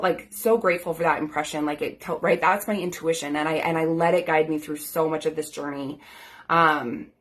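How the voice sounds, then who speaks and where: A woman in her thirties, a life coach, telling her own story in an earnest, grateful, chatty way full of "like" and "um" fillers. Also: low voice. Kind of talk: personal storytelling to camera.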